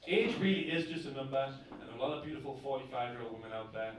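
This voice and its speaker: A young comedian from northern England chats to a club crowd at rapid-fire speed, his intonation lively, tagging each point with "right?". Recorded from a distance in a boomy room with heavy reverb and background noise, with audience laughter audible.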